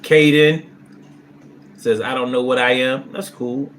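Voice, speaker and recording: A man's voice: medium pitch, a little slow, slight background noise. A man hosting a live stream, reading viewers' comments aloud and answering them bluntly with lots of cursing. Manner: blunt, profane, swings into loud animated bursts. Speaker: livestream host reading chat. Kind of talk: casual live-stream chat.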